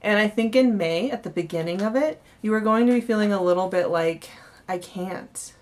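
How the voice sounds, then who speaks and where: A young woman does a casual monthly tarot reading in a medium-pitched voice, speaking a little fast. She's chatty and warm-hearted, with lots of fillers and restarts.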